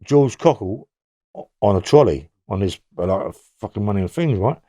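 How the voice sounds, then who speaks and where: A man's voice: fairly low pitch, expressive, moderate pace, warm tone, no room sound, studio quality. An older man with a London accent, bluntly recounting old prison stories in a rambling, profane way. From England. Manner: rambling, blunt, swears freely. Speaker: interview guest.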